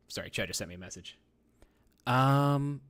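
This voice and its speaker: A man streaming live, chatting casually with his viewers in a rambling, profane way and talking to himself while he browses. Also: mid-range voice.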